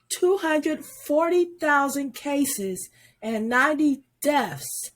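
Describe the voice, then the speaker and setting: A woman vlogger, sick and coughing, talks through the news in a casual, halting way. Her voice sits high and her pace is unhurried. She stumbles now and then over names.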